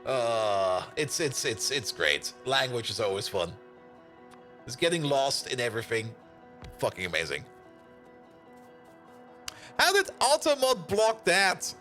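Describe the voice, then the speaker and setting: Lively, bright-voiced male game streamer. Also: medium pitch, a little slow, long pauses, soft background music. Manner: animated, laughs often, swears casually. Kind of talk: casual live-stream chat while playing.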